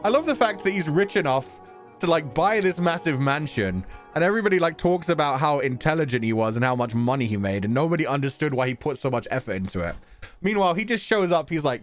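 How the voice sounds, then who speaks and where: A man commentating a game on a livestream, excitable and laughing, swearing freely. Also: fairly high pitch, quick pace, faint music behind. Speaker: streamer.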